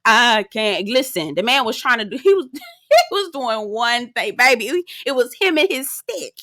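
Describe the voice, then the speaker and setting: A woman's voice: high-pitched, sing-song, normal speed, pushed and bright, dry recording, studio quality. A woman giving a sassy, profanity-laced casual recap of a TV show, laughing often as she talks. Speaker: TV recap reviewer. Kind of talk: casual commentary.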